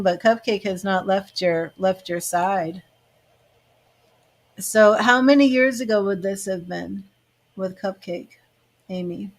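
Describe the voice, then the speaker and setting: A woman giving live psychic medium readings, chatty and emotional, with many fillers. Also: medium pitch. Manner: emotional, gushing, tearful at times. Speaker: tarot reader and psychic medium.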